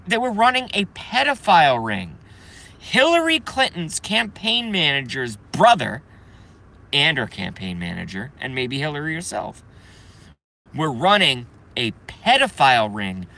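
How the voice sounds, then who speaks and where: Heated profane man streaming live. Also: fairly high pitch. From Boston, Massachusetts. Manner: profane and heated, swinging between loud outbursts and muttering.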